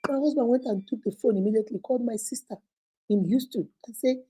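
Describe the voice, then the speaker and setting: A woman's voice: a little high, quick pace, husky. A Nigerian woman hosting a relationship advice talk, telling stories vividly and acting out the voices. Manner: lively storytelling, acts out voices, laughs often. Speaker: host.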